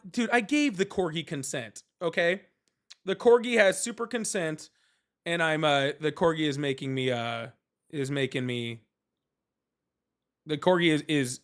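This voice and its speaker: A man's voice: fairly high pitch, fairly bright tone. A man hosting a live political chat stream, talking in a sarcastic, mocking, rambling way. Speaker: livestream host.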